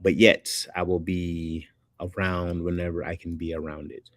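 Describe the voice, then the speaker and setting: A man's voice: low voice, flat delivery, normal speed, no room sound, clean studio sound. A man, a comedian hosting, chatting casually with his viewers in a laid-back, joking way. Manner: laid-back, joking, laughs between remarks.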